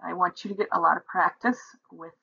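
A woman teaching a language lesson, explaining patiently and reading numbers out slowly and deliberately. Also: lowish voice, fairly even intonation, creaky, bright, forceful tone, breathy edge. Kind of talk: slow instructional explanation. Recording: dull lo-fi recording.

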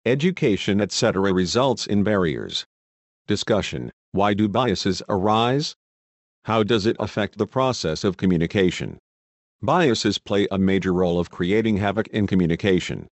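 A man reads a scripted lesson in a somewhat low voice, steady and explanatory, pausing to voice example sentences. The sound is dry and close, with no room echo. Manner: measured, explanatory reading with spoken examples. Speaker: teacher. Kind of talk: scripted educational narration.

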